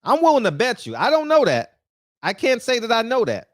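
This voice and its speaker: A man giving an animated, preachy boxing rant, talking straight to the viewers. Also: very high-pitched, fairly quick, no room sound, studio quality. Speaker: boxing commentator. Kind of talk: casual opinion rant.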